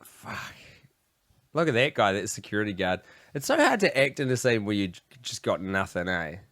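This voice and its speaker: A man co-hosting a podcast, wry and deadpan in casual chat. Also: normal speed, dry recording. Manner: deadpan, wry, low-key. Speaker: podcast co-host. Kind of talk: casual chat over a film.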